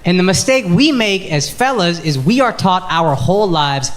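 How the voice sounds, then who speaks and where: Male stand-up comic, 30s, brash crowd work; lively, bouncing delivery, live club recording with a noisy room. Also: high-pitched, moderate pace. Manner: brash, profane, teasing the crowd. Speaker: stand-up comedian. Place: comedy club with a laughing audience.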